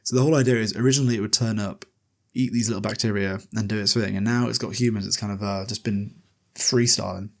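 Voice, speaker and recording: A man's voice: lowish voice, steady tone, fast talker, gravelly. A man hosting a podcast, casually recapping a book chapter in a loose, chatty way with lots of fillers and the odd swear. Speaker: podcast host.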